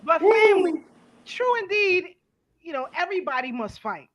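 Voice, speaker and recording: A middle-aged woman, hosting a casual panel talk, blunt and animated, swearing freely. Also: very high voice, normal speed, a little hiss or hum. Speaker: host.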